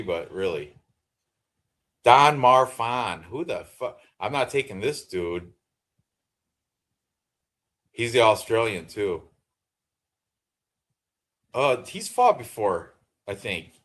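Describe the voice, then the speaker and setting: A fairly low-pitched yet fairly bright male voice belongs to a man in his fifties co-hosting a sports betting podcast. He rambles through casual chat, laughing a lot and cursing freely.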